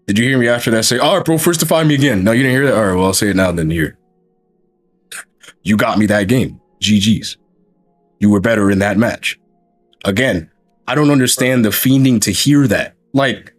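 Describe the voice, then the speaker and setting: Male stream host, low husky voice, talks in emphatic repeated questions. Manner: emphatic, repeats rhetorical questions, swears freely. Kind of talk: casual stream chat.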